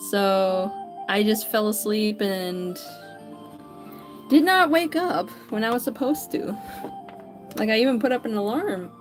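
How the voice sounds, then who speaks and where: A woman's voice: medium pitch, animated, measured pace, long pauses, over music. A woman chatting casually with viewers while drawing on a livestream, greeting people by name and often stumbling and correcting herself. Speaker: livestreaming artist.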